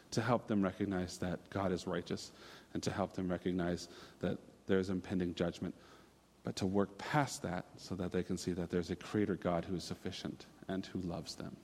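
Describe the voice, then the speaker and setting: A man's voice: sits low, a little mellow. Man, thirties, from Minnesota, sermon, chatty with fillers, echoing hall. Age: 30s. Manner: casual, storytelling, many fillers and restarts. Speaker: preacher.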